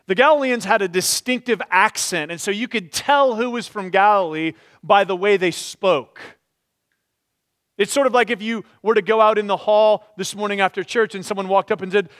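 Male pastor with a high voice, preaching in a storytelling way and sinking quiet and slow at solemn beats. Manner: expressive storytelling, drops to quiet slow tones at solemn moments. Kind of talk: sermon. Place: church.

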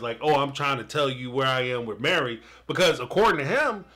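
A man's voice: high voice, sharp tone. A man reacting live to a reality show in a fired-up, ranting way, with a laugh breaking in. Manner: fired up, ranting and laughing, talks straight at the viewer. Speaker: live-stream reaction host. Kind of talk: animated reaction commentary.

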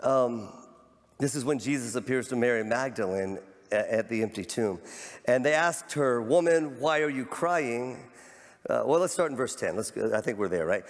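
A man's voice: mid-range voice, expressive, normal speed. Fervent male pastor in an echoing sanctuary. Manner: fervent, repeats words, rises to near shouts. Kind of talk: sermon. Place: large church sanctuary. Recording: long church hall reverb.

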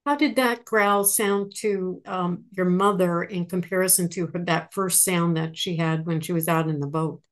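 A woman's voice: fairly low pitch, steady tone, normal speed, few pauses. A woman interviewer asking follow-up questions.

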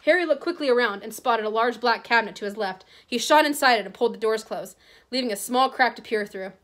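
A woman teacher reading a novel aloud to her class, expressive, with small slips and restarts. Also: on the high side, fast.

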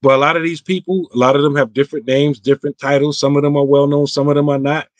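A man's voice: fairly high pitch, flat delivery, fast talker, no echo. A man, an imam, answering viewer questions on an online roundtable in a casual, emphatic way, his voice climbing when he stresses a point. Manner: casual, clipped everyday grammar.

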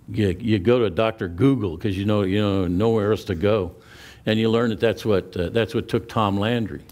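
A man preaching a sermon as pastor, telling personal stories with many restarts and repeated words, and slowing down for emphasis. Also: lowish voice.

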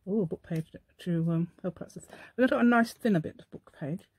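Speaking in a lowish, slightly rough and a little mellow voice, this middle-aged crafting channel host talks briskly. She rambles and chats to herself while demonstrating a craft project, affecting a playful mock-posh telephone voice.

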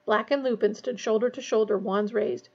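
A woman's voice: on the high side, steady tone, normal speed, husky, lo-fi sound. A woman reading a novel aloud, giving a casual recap before she reads on. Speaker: reader.

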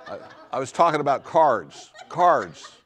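A middle-aged male pastor preaching a charismatic sermon in church, dropping to low asides and then building to loud declarations with humorous jabs. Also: sing-song, normal speed, creaky. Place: church sanctuary.

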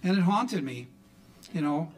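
Unhurried and animated, a middle-aged Milwaukee man speaks in a slightly high voice. He's a folk musician telling a loose, folksy story between songs on stage, with plenty of "you know."

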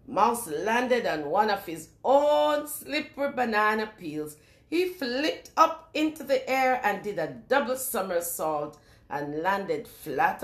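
A woman reading a picture book aloud to young children in a lively sing-song way, stopping often to ask them questions. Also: mid-range voice, echoey room. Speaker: children's storyteller.

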